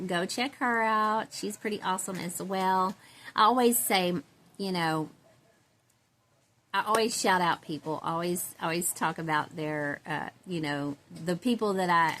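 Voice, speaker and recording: Here a Central Texas doll-collecting vlogger speaks in a lowish, slightly bright voice. Calling herself a country girl, she chats and rambles casually to her viewers, laughing a lot along the way.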